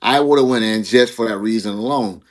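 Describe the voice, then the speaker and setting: A man's voice: fairly low pitch, normal speed. A man hosting a casual online panel discussion, rambling, repeating words and laughing at himself. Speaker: show host.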